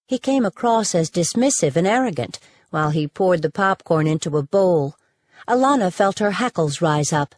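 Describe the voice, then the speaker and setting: A woman narrating an audiobook in a measured, even storytelling manner into a close mic. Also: on the low side, dry recording.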